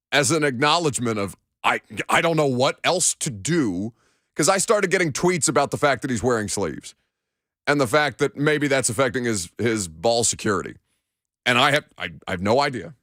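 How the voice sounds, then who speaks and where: Male sports radio host, lively rising and falling voice, dry studio mic, blunt opinionated talk. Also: medium pitch, no room sound. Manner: bantering, then blunt opinionated analysis. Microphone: studio microphone.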